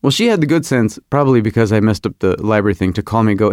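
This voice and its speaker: A middle-aged man hosting a podcast, telling a comic story in a rambling, animated, self-mocking way. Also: lowish voice, fairly quick, dry recording, clean studio sound. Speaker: podcast host. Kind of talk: comedic podcast monologue.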